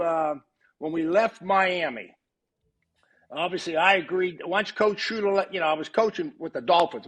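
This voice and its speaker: A high, husky male voice belongs to an older retired coach who's guesting on a podcast. He tells long anecdotes casually, animatedly acting out any dialogue he quotes.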